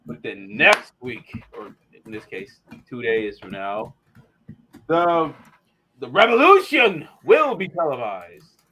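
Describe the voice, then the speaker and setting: A man's voice: mid-range voice, sing-song, slow, sharp tone. A man co-hosting a casual fan review show, rambling with lots of fillers. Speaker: podcast co-host, animator.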